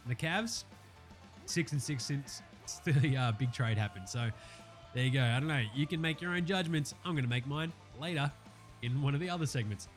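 A man's voice: medium pitch, moderate pace, soft background music. A young Australian man hosting a basketball recap show, chatting casually with lots of swearing and jokes. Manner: profane, joking, excitable banter. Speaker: basketball podcast host.

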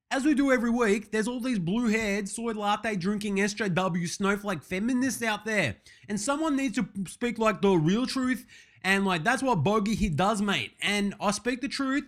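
Brash, smug man, high voice. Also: moderate pace, fairly bright tone. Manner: brash, crude, smug and self-congratulating. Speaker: comedian doing an impression as a web show host. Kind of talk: satirical comedy monologue.

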